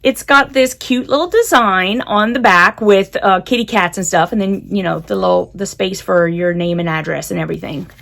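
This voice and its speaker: A woman's voice: medium pitch, moderate pace, vocal fry, few pauses, a bit bright. A woman chatting casually while unboxing, giggling often and talking to her cat. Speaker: unboxing vlogger.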